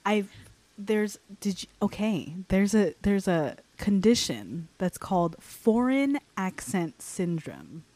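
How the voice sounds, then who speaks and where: A woman's voice: mid-range voice, very animated, slow pace, warm tone, no echo. A young woman telling a story in casual chat, rambling with many restarts and fillers.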